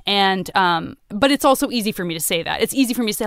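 A woman hosting a podcast talks in a relaxed, animated way. Her voice is smooth and resonant, and the recording is dry and close, with no room sound. She often jumps up in pitch when she quotes people. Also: fast, no room sound. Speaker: podcast host. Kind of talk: casual conversation.

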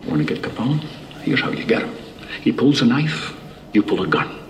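An actor playing a gruff veteran cop with an attempted Irish accent, in a film clip. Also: male voice, mid-range voice, very animated, moderate pace, big-room sound, slight background noise.

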